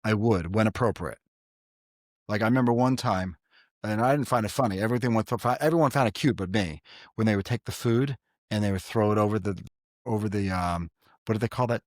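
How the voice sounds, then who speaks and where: A man's voice: lowish voice, fairly quick, dry recording, clean studio sound. A middle-aged man hosting a podcast, giving earnest parenting advice in casual chat and telling stories with quoted voices. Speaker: podcast host.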